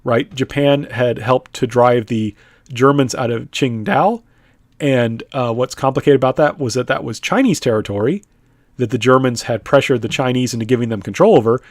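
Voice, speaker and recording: A man's voice: medium pitch, normal speed, dry recording, studio quality. A man teaching a history lesson in a conversational lecture style. He often checks in with "right?", uses many "uh" fillers, and sometimes speaks in the voice of the people he describes.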